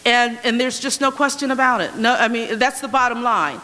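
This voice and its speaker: Woman candidate, bright crisp voice, emphatic slogans, long hall reverb. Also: a little high, fairly quick. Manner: firm, emphatic, repetitive slogans. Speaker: mayoral candidate. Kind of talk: candidate forum answers and closing statement. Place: school auditorium.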